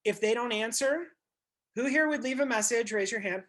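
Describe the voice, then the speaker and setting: A blunt male real estate coach talking to his group over a video call. He gets animated, acts out little scenes and swears freely. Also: very high-pitched, normal speed.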